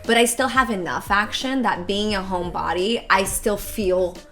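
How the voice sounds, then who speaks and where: A woman's voice: medium pitch, normal speed, a bit bright. A woman in a mid-range voice rambles through casual chat, piling up fillers and dropping the odd swear word. Faint music sits behind her.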